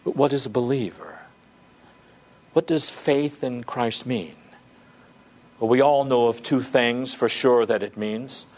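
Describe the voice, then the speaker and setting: A male pastor preaching a sermon, earnest and stretching key words for emphasis. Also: medium pitch.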